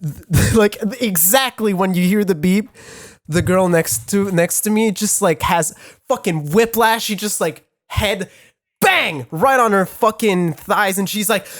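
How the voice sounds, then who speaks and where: A podcast co-host with a high-pitched voice tells a story on a casual show, halting through many restarts and swearing heavily. The recording is studio quality with no room sound.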